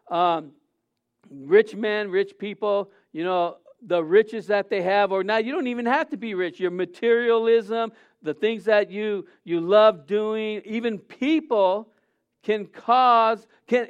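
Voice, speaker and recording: A man with a high, smooth, resonant voice preaches an informal sermon. He keeps asking rhetorical questions and stumbles through fillers and restarts, and the recording sounds a little dull and muffled. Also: unhurried.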